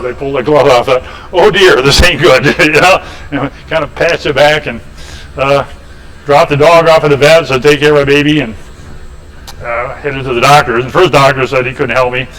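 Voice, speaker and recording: A man with a medium-pitched, fairly bright voice chuckles through meandering, homespun stories as he shows off woodturning at his lathe. The indoor woodshop recording is rough.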